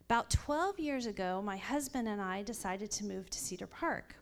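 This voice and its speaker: Medium-pitched and animated at a moderate pace, a woman in her thirties gives her testimony to a women's Bible study. As a church member, she tells her story earnestly and warmly, laughing lightly now and then.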